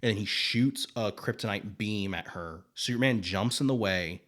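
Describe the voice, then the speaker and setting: A man's voice: fairly low pitch, moderate pace, fairly bright tone. A man co-hosting a podcast, retelling a comic book story in a rambling, profane, filler-heavy way. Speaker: podcast co-host. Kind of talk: casual comic book recap.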